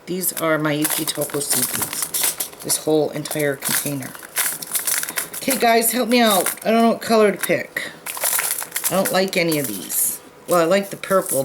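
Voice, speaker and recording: A woman's voice: sits low, noisy background. A woman hosting a casual beading tutorial, chatting to viewers and joking at herself while she sorts beads. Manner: chatty, self-deprecating, talks to viewers while working.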